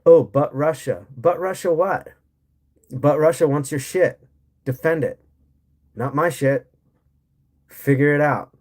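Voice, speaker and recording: A man's voice: fairly high pitch, takes it slowly, long pauses, darkish tone. An American man hosting a livestream, ranting bluntly with plenty of profanity and sarcasm while reading and answering chat. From United States. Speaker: livestream host. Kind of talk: casual livestream rant.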